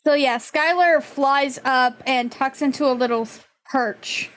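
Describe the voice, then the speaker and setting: A woman running a tabletop game as game master, brisk and encouraging. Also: high voice, fairly bright tone.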